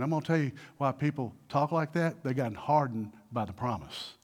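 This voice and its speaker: A man's voice: medium pitch, animated, normal speed, few pauses. A man preaching a sermon as a pastor, posing questions to the congregation and rising into emphatic exhortation.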